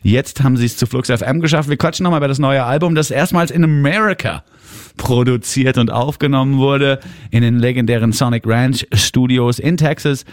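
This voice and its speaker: A man's voice: medium pitch, fairly quick. A man hosting a radio interview in a studio, speaking, joking and laughing often. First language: German. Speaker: radio host. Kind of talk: radio interview, German and English. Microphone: studio microphone.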